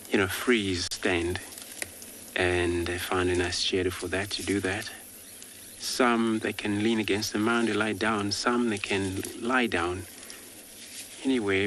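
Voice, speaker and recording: Deep-voiced safari guide, relaxed. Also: male voice, a little hiss or hum. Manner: relaxed, many filler words. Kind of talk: live wildlife commentary. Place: outdoors on a safari drive.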